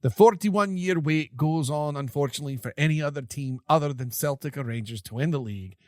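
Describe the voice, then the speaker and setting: A man's voice: fairly high pitch, a little fast, no room sound, clean studio sound, natural voice. A man putting on a Scottish accent, voicing a hearty, jovial Scottish man who rallies his fans. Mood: rousing. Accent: put-on Scottish.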